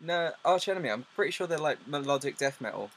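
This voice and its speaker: A man's voice: fairly high pitch, lively intonation, fast, fairly bright tone. A man hosting a podcast over a video call, easygoing and jokey, laughing often as he talks. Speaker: podcast host. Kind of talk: casual chat.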